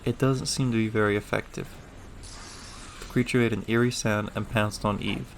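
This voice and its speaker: A man playing a game, reading its text aloud with deadpan, joking asides. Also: lowish voice, moderate pace, slight background noise. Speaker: gamer.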